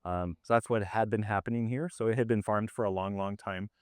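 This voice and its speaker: Casual, slightly hoarse farmer explaining. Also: male voice, on the low side, fairly even intonation, fairly quick, a little mellow, no room sound, studio quality. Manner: casual and conversational, with many fillers. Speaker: farmer leading a farm tour. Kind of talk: explaining while walking a group around. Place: outdoors on a farm field.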